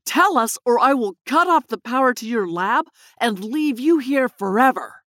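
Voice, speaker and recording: Woman reading as a forceful young boy. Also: on the high side, animated, normal speed, no echo, studio quality, voice pushed up. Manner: forceful, threatening. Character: determined young boy, threatening.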